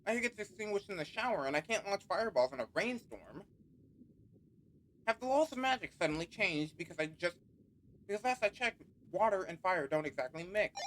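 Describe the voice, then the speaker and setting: A man's voice: high-pitched, lively intonation, fairly quick, fairly bright tone, voice pushed up. A man doing a sassy fire-elemental girl. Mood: indignant. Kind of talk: reading game dialogue aloud.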